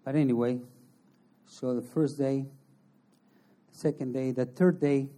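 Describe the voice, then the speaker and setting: A man giving an emotional personal testimony as an interview guest, in halting, earnest non-native English. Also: mid-range voice, steady tone, mellow. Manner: emotional storytelling.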